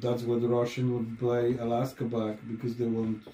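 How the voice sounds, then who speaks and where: A man's voice: medium pitch, completely flat delivery, moderate pace, warm tone, highs cut off. Podcast co-host, man, blunt and profane, roomy echo. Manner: blunt, swears a lot, broken English grammar. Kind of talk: casual chat. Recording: echoey room.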